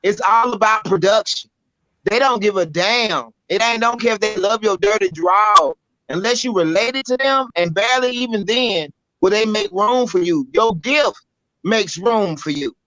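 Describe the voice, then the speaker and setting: A Southern woman spins a story in a bright, forceful voice, blunt and animated, with salty language. The audio is dry and dull, like a lo-fi podcast mic close up. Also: medium pitch, normal speed, no echo. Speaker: spoken word poet, guest. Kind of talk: casual storytelling. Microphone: podcast microphone.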